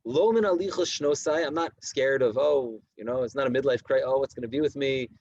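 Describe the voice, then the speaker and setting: A man's voice: medium pitch, muffled recording, a little hiss or hum. Man teaching a late-night Torah class. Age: 30s. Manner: reads Hebrew texts slowly then explains them in animated English with many repetitions. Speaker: rabbi giving a Torah class. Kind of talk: Torah lecture to a community. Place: community study hall at night.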